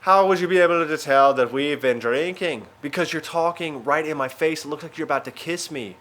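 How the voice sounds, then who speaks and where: A man's voice: fairly high pitch, brisk, a bit bright, natural voice. A man voicing a drunk, confrontational Yorkshire bar-goer with a Yorkshire accent. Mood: pushy.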